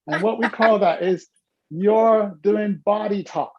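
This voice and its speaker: A woman hosting a casual video-call workshop, talking in a playful, teasing, animated way. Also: medium pitch, slow pace, highs cut off, background noise. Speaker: host and coach.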